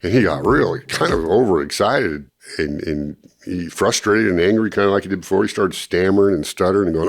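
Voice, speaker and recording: An older man, interviewed, recounting a personal story and acting out what others said in lively bursts. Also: deep voice, fairly quick. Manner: animated storytelling, acting out quoted speech. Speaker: interviewee, former ministry student.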